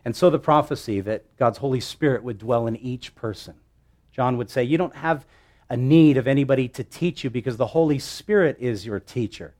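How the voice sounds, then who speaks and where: A male pastor preaching a sermon, teaching with lively asides and rhetorical questions to his listeners. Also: medium pitch, normal speed.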